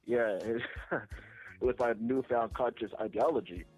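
A man calling in to a radio show, speaking earnestly and in a measured way. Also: medium pitch, slightly rough, dull audio, faint music behind. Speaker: caller. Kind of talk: phone call to a radio show.

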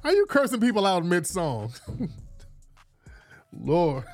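A man's voice: high voice, wildly swooping pitch, slow pace, darkish tone, soft background music. A man hosting a casual commentary vlog, rambling, repeating himself and laughing often. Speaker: vlog host.

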